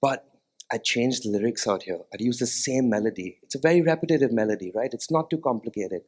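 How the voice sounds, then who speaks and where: An earnest man speaking as a music therapist in a talk on a stage before a live audience. His voice sits at an ordinary middle pitch, and he pauses to put questions to the listeners. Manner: sings short nursery melodies as demonstrations. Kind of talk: TEDx-style stage talk.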